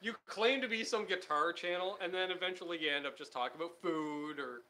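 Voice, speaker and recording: A man's voice: high-pitched, fairly quick, pushed and bright. A man co-hosting a casual guitar chat, easygoing as he reads out viewer comments. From Canada. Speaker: co-host.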